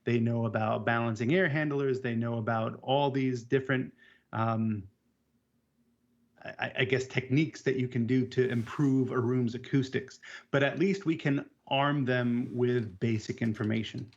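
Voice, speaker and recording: A man co-hosts a relaxed technical talk about audio tools. His voice is gravelly, and he often restarts his sentences as he works through an explanation. The recording sounds muffled and lo-fi. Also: medium pitch. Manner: halting, restarts words, self-deprecating. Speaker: AV technician co-host. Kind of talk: casual technical chat. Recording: dull lo-fi sound.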